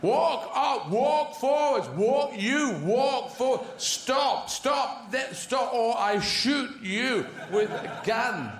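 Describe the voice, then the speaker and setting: A man playing a barking horse shouter. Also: very high voice, lively intonation, slow, hardly any pauses, reverberant, slight background noise, pitched above the performer's own voice, exaggerated voice. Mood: bossy. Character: bossy, loud male horse trainer.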